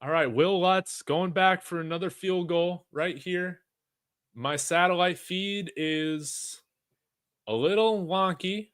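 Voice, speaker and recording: A man giving live play-by-play reactions as a fan, reading chat comments aloud and shouting on big plays. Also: on the high side, expressive, slow pace, no room sound, clean studio sound. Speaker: fan watch-along commentator.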